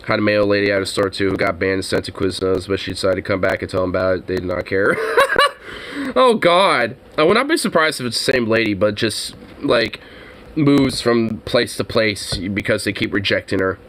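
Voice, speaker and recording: A man's voice: on the low side, animated, normal speed, fairly bright tone, a little hiss or hum. A young man telling a story casually, rambling and swearing constantly. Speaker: streamer.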